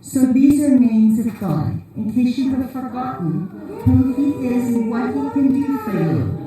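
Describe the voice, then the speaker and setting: Woman speaker, dark mellow voice, slightly high pitch, rambling humorous sermon, echoey distant hall. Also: big pitch swings, a little slow. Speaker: conference speaker. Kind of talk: informal sermon talk. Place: large church hall.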